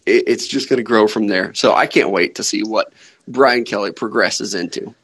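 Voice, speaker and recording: A man with a husky, slightly breathy voice hosts a casual sports podcast, rambling and joking with his co-host. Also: fairly low pitch, normal speed, a bit bright, poor audio.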